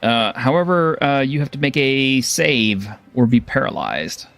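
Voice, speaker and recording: A man narrating as game master of a tabletop game, relaxed and chuckling, with lots of fillers. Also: medium pitch, measured pace, creaky, soft background music.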